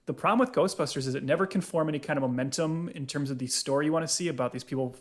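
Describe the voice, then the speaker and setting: A man's voice: a little high, very fast. Man critiquing a film, emphatic. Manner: critical, emphatic, lots of "like" and rhetorical questions. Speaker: podcast co-host. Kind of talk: casual film review chat.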